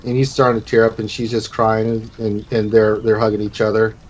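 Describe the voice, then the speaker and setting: A man's voice: lowish voice, monotone, a little fast, lo-fi sound. Rambling male game master. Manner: loose, rambling descriptions with many restarts. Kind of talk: narrating a tabletop game.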